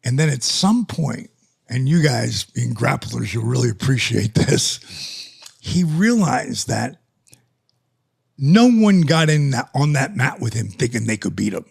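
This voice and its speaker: An older man as a podcast guest, telling stories in a casual, animated way and acting out the conversations. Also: mid-range voice, measured pace, gravelly, slightly rough. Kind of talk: casual storytelling. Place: lives in the US.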